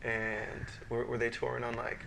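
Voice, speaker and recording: Man, flat gravelly voice, laid-back questions, background noise. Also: mid-range voice, normal speed. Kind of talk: casual chat. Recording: noisy recording.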